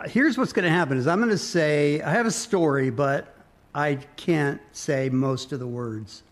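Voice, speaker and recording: A man's voice: on the high side, normal speed. A middle-aged man co-hosting a podcast, playing the dry, bemused straight man. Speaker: podcast co-host. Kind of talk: casual comedic chat.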